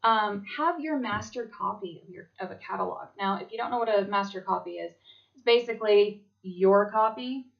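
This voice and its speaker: A woman's voice: medium pitch, normal speed, vocal fry, muffled recording. A woman giving casual instructions to fellow sellers, often checking in with "okay?". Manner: chatty, repeats "okay?" to check in. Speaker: direct sales consultant.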